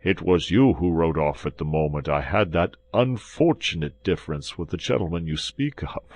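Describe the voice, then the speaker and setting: A man's voice: sits low, moderate pace, a little mellow, no echo. A man voicing a frightened innkeeper who pleads in a trembling, pitiable voice. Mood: anxious.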